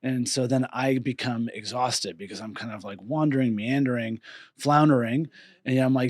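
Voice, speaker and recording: A man with a mid-range voice reflects in a relaxed church discussion. He thinks things through aloud in an animated, earnest way. The sound is dry and close-miked. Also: mid-range voice, normal speed, dry recording. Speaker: church teaching team member.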